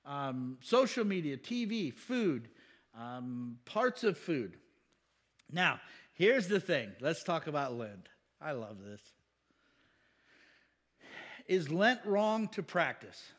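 A man's voice: a little high, very animated, slow, pauses often, fairly bright tone. A man, a pastor, teaching the Bible in a casual, conversational way, asking rhetorical questions and chuckling.

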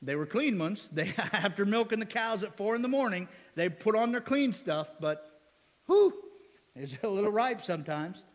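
A man's voice: sits high, animated, normal speed, long reverb tail. A male pastor preaching a sermon in a church. He talks in a joking, conversational way and keeps asking the congregation questions. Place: church sanctuary.

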